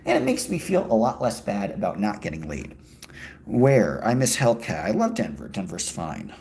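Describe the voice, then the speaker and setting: A man's voice: fairly low pitch, wildly swooping pitch, normal speed, gravelly, darkish tone, slight background noise. A man livestreaming while out walking, answering his chat in a joking, crude, rambling way. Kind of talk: casual chat. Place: walking outdoors in a city.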